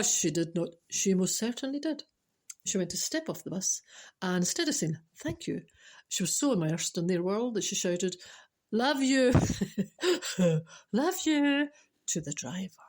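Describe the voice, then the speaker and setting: Lively Scottish woman telling a funny story. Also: on the low side, husky. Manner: animated, exclaiming, acting out quotes with laughs. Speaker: spiritual speaker and storyteller. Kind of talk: humorous anecdote told to a listener.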